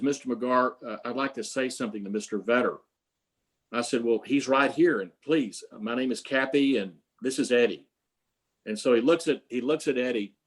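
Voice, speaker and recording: An older man, an interview guest, telling long stories with many fillers and restarts. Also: mid-range voice. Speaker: interview guest, prize creator. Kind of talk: storytelling in an interview.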